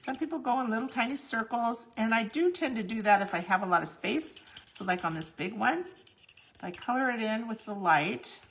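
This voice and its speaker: A woman's voice: a little high, animated, normal speed, a bit bright, a little hiss or hum. A woman hosting a live crafting tutorial, chatting through each step as she works. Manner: chatty, explains each step while working. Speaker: crafting demonstrator.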